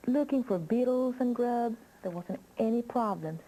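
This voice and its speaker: A woman's voice: on the high side, mellow, rough recording. A woman reading a children's story aloud, drawing out her words and asking the listener questions. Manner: slow, drawn-out with questions to the listener.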